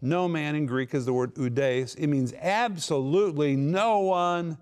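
Emphatic male preacher, higher voice. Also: a little mellow, clear, resonant tone. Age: middle-aged. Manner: emphatic, slows right down on key words. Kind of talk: sermon.

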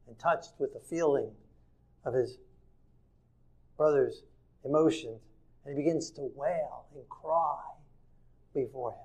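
A man preaching a sermon in an earnest way, shifting from soft and tender to emphatic. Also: a little high.

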